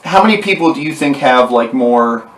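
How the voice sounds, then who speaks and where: A man's voice: mid-range voice, animated, normal speed. A male podcast host talking casually, rambling with fillers and restarts. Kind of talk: casual conversation. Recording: roomy, distant mic.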